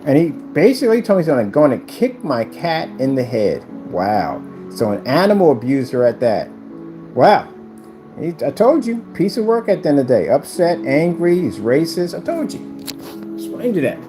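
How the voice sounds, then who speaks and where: His voice is on the high side and very animated, at a normal speed. The channel host rants confrontationally in a commentary video, taunting and repeating points, with echo from the room and music underneath.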